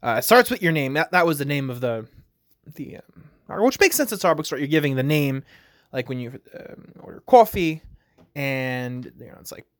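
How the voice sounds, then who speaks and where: A man's voice: on the high side, expressive, moderate pace, dry recording, clean studio sound. A man hosting a podcast, talking casually on his own in a rambling way, full of fillers. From United States. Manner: rambling, heavy on fillers like "like" and "you know". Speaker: podcast host. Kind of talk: casual solo commentary.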